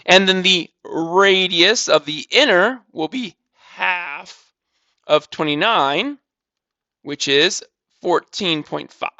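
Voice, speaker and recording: Casual, high-voiced man teaching math. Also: expressive, slow pace, pushed and bright, dry recording, highs cut off. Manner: talks through calculations step by step, casual, repeats numbers, says "blah, blah". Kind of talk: recorded math lesson walkthrough.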